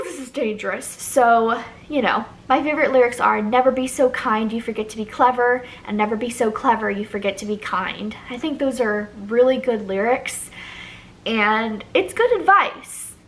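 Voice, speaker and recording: A woman's voice: a little high, normal speed, a bit bright, slight background noise. A young woman vlogger chatting casually as she ranks songs, gushing and rambling with lots of ums and likes. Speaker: music vlogger ranking songs. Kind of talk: casual chat to camera.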